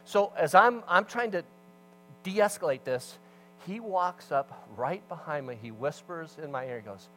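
Animated storytelling pastor, higher male voice. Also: measured pace, low-quality recording. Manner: animated storyteller, swings between loud emphasis and hushed asides. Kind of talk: sermon with storytelling.

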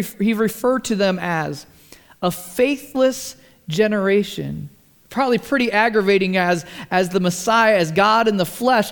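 A man preaching a conversational sermon as pastor, often restarting words and asking the congregation questions. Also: high voice.

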